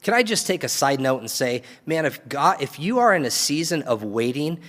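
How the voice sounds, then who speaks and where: A man preaching a sermon, retelling a story in a loose, conversational way with quick asides. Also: fairly high pitch, big pitch swings, fairly bright tone, big-room sound.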